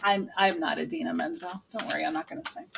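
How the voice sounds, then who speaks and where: A woman giving a casual, lively tarot reading to her viewers, laughing often and breaking into loud exclamations. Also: deep voice, quick pace, vocal fry, noisy background. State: sweating from channeling. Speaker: tarot reader.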